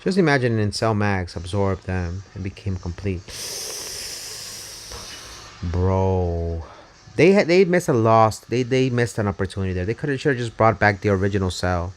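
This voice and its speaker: A man streaming a mobile game live, talking casually and excitably, swearing and rambling as he plays, over faint game music. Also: fairly low pitch, moderate pace, slight background noise. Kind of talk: casual live gameplay commentary.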